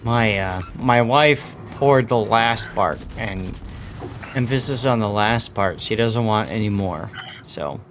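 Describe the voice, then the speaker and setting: A man's voice: lowish voice, slow, a bit bright, slight background noise. A man hosting a casual gaming stream, joking, swearing and laughing as he plays. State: has the hiccups. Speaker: streamer and game host.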